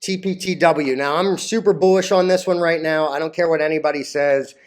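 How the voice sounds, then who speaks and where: A man's voice: on the high side, fairly even intonation, fairly quick. A man vlogging about stocks in a crude, rambling casual rant, full of "like" fillers, laughing at his own jokes and getting easily flustered.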